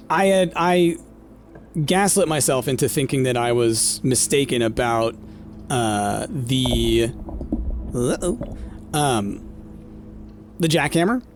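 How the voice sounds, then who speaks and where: A man casually commenting on his gameplay, thinking aloud with lots of fillers and talking to his chat. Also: mid-range voice. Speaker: gameplay streamer. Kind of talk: casual let's-play commentary.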